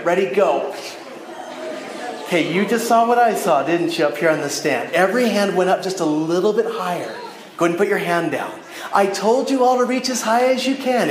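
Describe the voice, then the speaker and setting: A man's voice: fairly high pitch, slight background noise. A man giving a storytelling sermon to a youth audience from the stand of a church chapel, talking straight to his listeners. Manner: animated storytelling that addresses the audience directly. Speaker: youth speaker. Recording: echoey chapel room.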